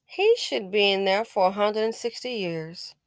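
A woman's voice: medium pitch, normal speed, no echo, clean studio sound. A woman giving casual news commentary, indignant and scolding, with sarcastic exclamations.

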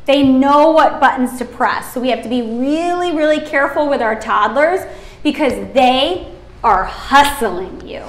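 Woman sleep consultant, high voice, chatty and emphatic, echoey room. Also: animated, a little slow. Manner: chatty, emphatic, acts out babies and parents. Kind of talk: teaching a workshop.

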